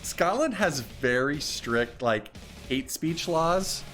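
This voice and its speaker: A man's voice: a little high, animated, slow pace, fairly bright tone, soft background music. A man co-hosting a casual comedy news chat, reading headlines aloud and laughing often. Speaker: podcast co-host reading news stories.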